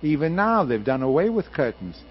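A man's voice: a little high, big pitch swings, a little fast. An older man, a radio producer, telling stories emphatically in an interview. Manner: emphatic, passionate storyteller. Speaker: radio producer and director, guest. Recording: muffled archival radio interview with faint hiss.

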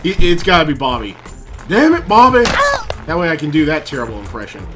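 A man casually commentating a video game he is playing, excitable and profane, often yelling at the game. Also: on the high side, very fast. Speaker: gaming video host. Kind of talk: casual let's-play commentary. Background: game music.

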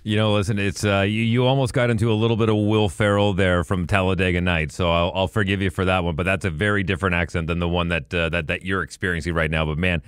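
Deep, smooth-voiced man on a podcast. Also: steady tone, quick pace, hardly any pauses, no echo, clean studio sound. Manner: enthusiastic tangents, explaining trivia. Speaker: podcast co-host. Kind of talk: casual podcast chat.

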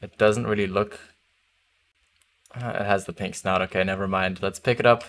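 A man's voice: low voice, steady tone, moderate pace, a bit bright. A young man chatting casually while streaming a hunting game, laughing easily and trailing off mid-thought. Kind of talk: casual gaming chat.

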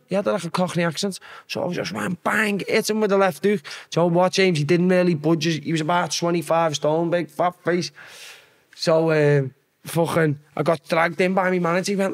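A man's voice: fairly high pitch, normal speed. A young Scouse man from Liverpool, a former footballer telling stories as a podcast guest in casual, swear-heavy chat. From Liverpool, England. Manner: swearing, animated storyteller. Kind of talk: casual storytelling.

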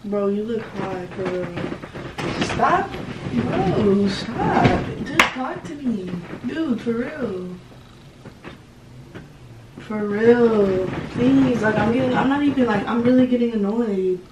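A woman's voice: a little high, animated, takes it slowly. A young woman vlogger in casual prank banter, pleading and exasperated, repeating herself to her boyfriend. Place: indoor room, bedroom. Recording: echoey room, from far off, with background noise.

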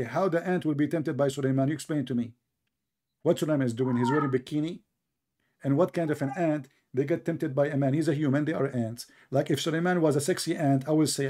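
A man argues in a heated online debate, his voice sitting a bit high. He is sarcastic and mocking, and he talks over the other side in broken English. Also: quick pace, darkish tone. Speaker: debate host.

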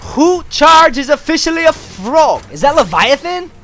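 A man in his thirties giving excited let's-play commentary as a dad coaching his son, yelping and shouting at setbacks. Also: very high-pitched, a little slow. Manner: animated, yelps and shouts at setbacks. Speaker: gameplay video host, dad.

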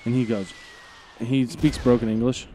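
A man's voice: medium pitch, flat delivery, normal speed, warm tone. A man chatting casually with friends during a let's play, swapping crude jokes and telling a story. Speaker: gamer playing with friends.

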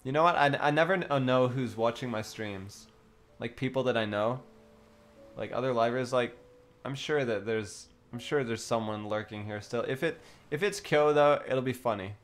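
A man's voice: mid-range voice, moderate pace. A young man chatting casually with his live-stream audience, joking around and laughing often.

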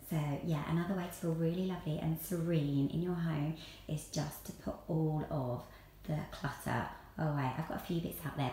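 A woman's voice: low-pitched, creaky, warm tone. Woman, chatty home vlog, rambling with ums, faint background noise. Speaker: lifestyle vlogger. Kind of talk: casual home tour vlog. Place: rooms of her own home. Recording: echoey room at home.

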